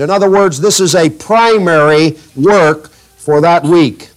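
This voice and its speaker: A male pastor preaching a sermon, reading scripture aloud with emphasis, slowing on key phrases and asking the congregation to underline words. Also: fairly high pitch, animated, rough recording.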